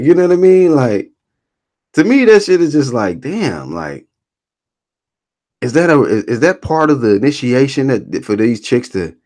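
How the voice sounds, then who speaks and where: A man's voice: medium pitch, a little mellow. A man rambling through casual live-stream commentary, reading chat comments and reacting in an incredulous, profane way.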